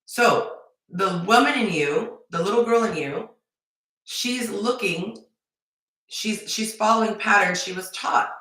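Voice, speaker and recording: Woman dating coach on a live, bright sharp voice, repeats herself a lot, super echoey room. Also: medium pitch, slow. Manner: emphatic, repeats points, animated bursts. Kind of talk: live-stream advice talk.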